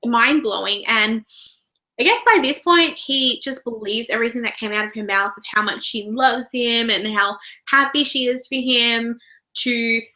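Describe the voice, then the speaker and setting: A woman's voice: a little high, moderate pace, poor audio. A woman with an Australian accent, hosting a casual book discussion in a chatty, giggly way. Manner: chatty, giggly, animated retelling. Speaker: book reviewer, channel host.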